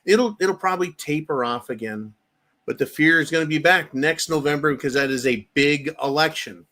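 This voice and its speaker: A fired-up middle-aged man hosts a political rant, swearing freely and slipping into sarcastic mock quotes. His voice sits a touch high for a man. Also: moderate pace, pushed and bright. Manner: angry, profane, sarcastic mock-quoting. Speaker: political commentary host. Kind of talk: ranting political commentary.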